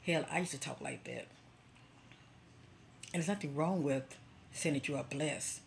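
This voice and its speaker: A woman with a very low, gravelly voice talks straight to her followers in a casual spiritual encouragement vlog. She speaks directly and conversationally with a preacher's cadence, often checking in with the listener as she goes. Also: unhurried, a little hiss or hum. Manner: direct, conversational, preacher-like, often asks "okay?" and "you know". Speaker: spiritual vlogger.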